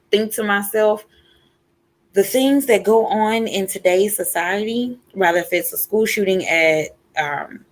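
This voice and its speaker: Weary woman venting on a livestream. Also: on the low side. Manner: frustrated, weary, rambling. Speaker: livestream host. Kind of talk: casual livestream chat.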